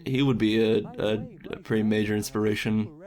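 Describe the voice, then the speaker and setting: Rambling young man with a flat voice. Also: fairly low pitch, moderate pace. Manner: rambling and self-deprecating, with casual swearing. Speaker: animator interviewee. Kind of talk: casual interview monologue.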